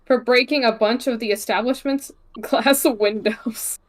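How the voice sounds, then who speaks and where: A woman's voice: fairly high pitch, fairly even intonation, measured pace. A woman, a player, giving an easygoing recap of the last tabletop session. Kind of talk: casual recap of a tabletop game.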